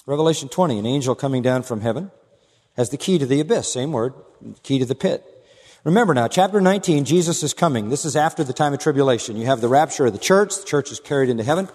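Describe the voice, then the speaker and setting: A male pastor delivering an expository sermon with emphatic, driving conviction, dropping low for asides and rising for key points. His mid-pitched voice carries a long reverb from a large church hall. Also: lively intonation, fast, a little mellow. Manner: emphatic, swinging from low asides to raised declarations.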